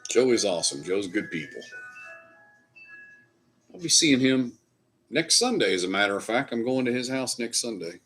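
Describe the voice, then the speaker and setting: A man's voice: medium pitch, lively intonation, moderate pace, long pauses, a bit bright, faint music behind. A man hosting a casual live stream, chatting loosely with viewers and swearing now and then. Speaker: livestream host. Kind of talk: casual live chat reading comments.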